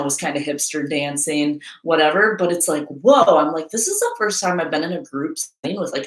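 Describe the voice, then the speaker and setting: Woman rambling thru a live q&a, kinda low voice, echoey room. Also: fairly bright tone. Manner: chatty, rambling, filler-heavy. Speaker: YouTuber hosting a live Q&A. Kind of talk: casual live-stream chat. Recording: roomy echo.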